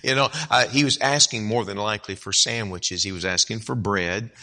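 A man's voice: fairly low pitch, moderate pace, bright, forceful tone. A man preaching a sermon, telling a story animatedly and acting out its characters with big swings in voice. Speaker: pastor.

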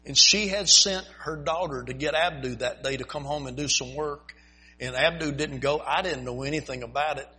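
A man's voice: fairly high pitch, bright, forceful tone, slightly rough. A man, a missionary preacher, telling a folksy, humorous story in a sermon to his congregation. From United States. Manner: folksy, humorous, chuckles at his own stories. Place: church before a congregation.

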